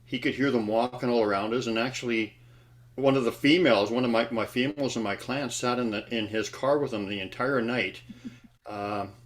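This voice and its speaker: A man speaking as a panelist in a casual roundtable chat over a video call, halting and restarting his sentences. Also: mid-range voice, steady tone. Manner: halting, restarts and trailing phrases.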